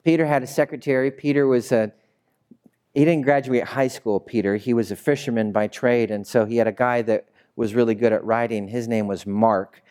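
A young pastor speaks to his congregation in the sanctuary with a mid-range, steady, slightly mellow voice at a moderate pace. His sermon is chatty and full of jokes, and he draws listeners into call-and-response.

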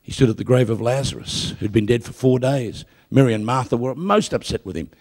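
Gravelly-voiced man preaching a lively sermon. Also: medium pitch, a little fast. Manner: lively storytelling with jokes, rising to loud proclamation. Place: church or hall with a live audience.

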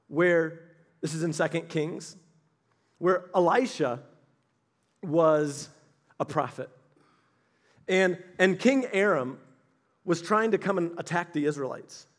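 A man preaching a sermon to a congregation in an animated storytelling manner, acting out voices and stressing points loudly. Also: sits high. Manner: animated, storytelling with acted voices, sudden loud emphasis. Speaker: pastor.

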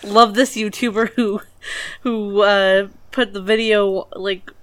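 A woman co-hosting a podcast in casual chat, speaking with hesitant, halting phrasing. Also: mid-range voice, steady tone, no room sound.

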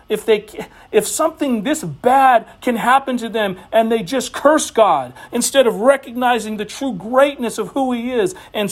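A pastor preaches an impassioned sermon, his voice swinging between high and low, with quick personal asides.

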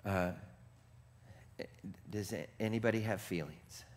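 A man pastor preaching a sermon, moving from hushed, reflective passages to shouted, rapid-fire exclamations, and putting questions to the congregation. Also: lowish voice.

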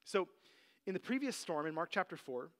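A man teaching a Bible passage in a relaxed, conversational sermon, full of "like" and "you know". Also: sits high, normal speed.

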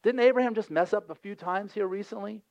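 A male pastor preaching a sermon in a lively, conversational way, acting out voices from the scripture scenes. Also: high-pitched, fast talker, gravelly, no echo, muffled recording.

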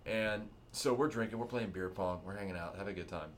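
A man's voice: on the low side, brisk. A young man in his twenties co-hosting a podcast in loose, profane casual chat. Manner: loose, profane, explains with tips. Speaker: podcast co-host. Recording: faint background noise.

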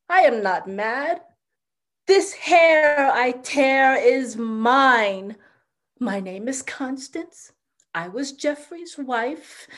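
Grieving noble mother, impassioned and desperate, slow deliberate delivery. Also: on the high side. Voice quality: impassioned, swinging from loud cries to hushed whispers. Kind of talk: classical stage drama.

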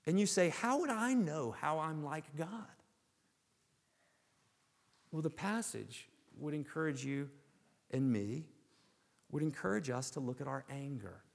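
A male pastor giving a sermon, asking rhetorical questions and swinging between raised emphasis and hushed, low asides. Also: animated, unhurried, creaky, long pauses, long reverb tail.

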